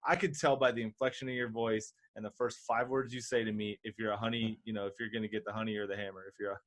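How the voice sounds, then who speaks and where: A man's voice: fairly low pitch, little pitch movement, fast, a bit bright. A man talking in a casual podcast chat, blunt and joking as he argues back. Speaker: podcast guest.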